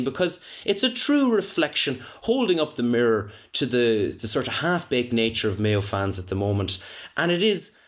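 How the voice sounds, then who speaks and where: A man with an Irish accent co-hosting a comic sports podcast, rambling in a mock-serious, deadpan way. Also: fairly high pitch. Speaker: podcast co-host.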